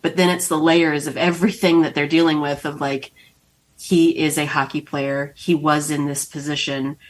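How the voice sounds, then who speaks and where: Low-voiced woman author, laughing chat. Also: little pitch movement, normal speed. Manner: emotional, laughs often while talking. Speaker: author guest host. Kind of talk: casual podcast chat.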